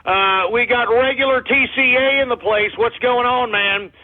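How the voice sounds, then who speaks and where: A man's voice: very high voice, normal speed. A man with a Texan accent hosting a talk radio show, ranting belligerently and hurling profane insults at his listeners. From Texas. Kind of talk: abrasive call-in radio rant. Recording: phone-like lo-fi radio audio.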